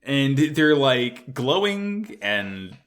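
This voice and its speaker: A man co-hosting a casual anime recap podcast, swearing freely and getting excited as he retells scenes. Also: mid-range voice, moderate pace. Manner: profane, excitable, voices characters loosely. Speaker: podcast co-host.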